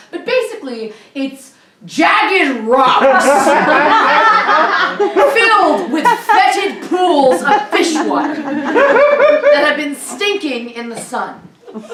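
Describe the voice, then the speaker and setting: Animated woman telling a comic story on stage. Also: sits high, reverberant, distant mic, noisy background. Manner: animated, laughing often, voices the people and creatures in her story. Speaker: comedic storyteller. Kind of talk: solo storytelling show. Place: live performance venue.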